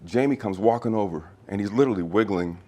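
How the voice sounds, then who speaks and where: A middle-aged actor, a man, telling an anecdote in an interview, lively in the story and earnest when sincere. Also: on the low side, quick pace.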